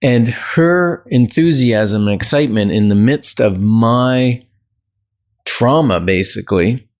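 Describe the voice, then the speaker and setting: A man's voice: medium pitch, slow pace, a little mellow. A man co-hosting a casual conversation, telling stories in a reflective way with frequent restarts. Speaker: podcast co-host.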